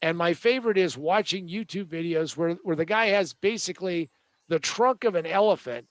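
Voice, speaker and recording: A man's voice: high voice, normal speed, no echo. A man hosting a show, delivering a joking, sarcastic tech rant with a rambling manner. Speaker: host.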